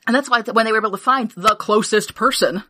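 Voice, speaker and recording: Bright, profane woman podcast host. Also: a little high, fast, no echo, clean studio sound. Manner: energetic, profane, laughs often. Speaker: podcast host reviewing a film. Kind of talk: casual chat.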